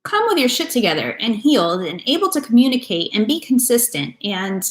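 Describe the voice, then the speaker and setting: Very animated and a little fast, a woman with a slightly high voice reads tarot casually for her viewers. Her talk is blunt and full of profanity, set against an echoey room and faint music.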